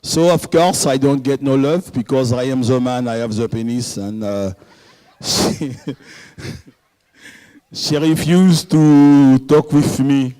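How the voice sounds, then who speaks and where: A man's voice: mid-range voice, drawn-out words, long pauses, breathy edge, pitched below the performer's own voice, rough recording. A man voicing a bumbling male traveller with a put-on French accent, telling a rambling comic story.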